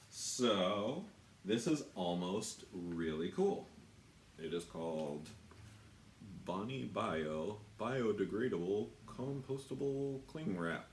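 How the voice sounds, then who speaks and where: Low-voiced tattoo guy, rambly and sweary, talks slow in a roomy shop. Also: a little hiss or hum. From United States. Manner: rambling, self-deprecating, swears a lot. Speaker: tattoo artist. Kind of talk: casual product walkthrough.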